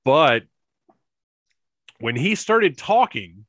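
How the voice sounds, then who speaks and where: Lively, bright-voiced male podcast host. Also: on the high side, no echo, studio quality. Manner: excitable, animated storyteller with quick asides. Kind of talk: casual fan podcast chat.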